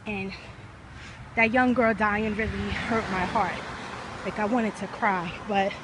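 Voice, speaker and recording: A woman with a mid-range, fairly even voice speaks slowly over background noise as she vlogs, walking outdoors in hot weather. A little out of breath from heading uphill, she talks passionately and rambles with plenty of fillers.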